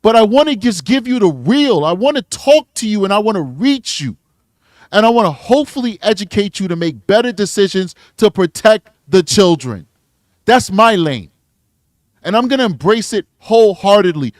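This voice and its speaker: A man's voice: high-pitched, sing-song, normal speed, no room sound, clean studio sound. A man hosting a true crime livestream, a detective talking bluntly and earnestly, sometimes getting emotional.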